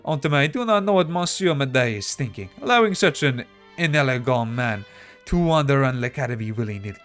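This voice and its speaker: A man's voice: medium pitch, lively intonation, measured pace, fairly bright tone, soft background music. A man voicing a haughty, snobbish woman who teaches deportment, in an exaggerated fake French accent and a lofty, scolding manner.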